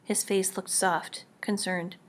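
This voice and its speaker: A woman reads a first-person story aloud in a quiet, measured way, often dropping close to a whisper. Her pitch sits in the middle of the range. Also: level tone. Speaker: audiobook reader. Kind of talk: first-person audiobook narration.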